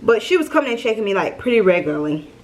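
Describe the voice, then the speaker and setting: A young woman telling a storytime vlog, chatty and lively, calling her viewers y'all. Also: mid-range voice, very fast. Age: young adult. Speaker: vlogger.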